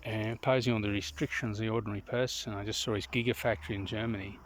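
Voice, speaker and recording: A man recording a casual outdoor vlog, rambling and opinionated, often clearing his throat. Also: lowish voice, fairly bright tone, slight background noise. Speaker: vlogger. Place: outdoors in the countryside.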